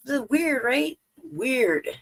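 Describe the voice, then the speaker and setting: A woman's voice: high-pitched, low-quality recording. A woman hosting a livestream, giving profane, sarcastic casual commentary full of laughter and rhetorical questions. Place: home livestream.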